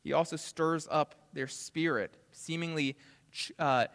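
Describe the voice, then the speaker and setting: A man preaching a sermon as pastor, earnest, building to emphatic peaks and dropping to soft asides. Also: a little high, measured pace, in a large hall. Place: church sanctuary.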